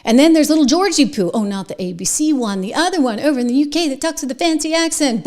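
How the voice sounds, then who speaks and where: Woman host, political commentary, indignant, loud bursts then whispers, higher voice. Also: lively intonation, a little fast, few pauses. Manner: indignant, swings between loud outbursts and hushed whispers.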